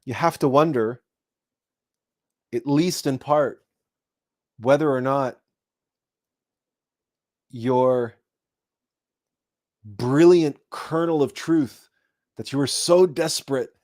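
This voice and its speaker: A man with a high voice delivers a spiritual talk as host. He tells it like a story and pops into raised, excited voices for the people he imagines. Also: takes it slowly, pauses often.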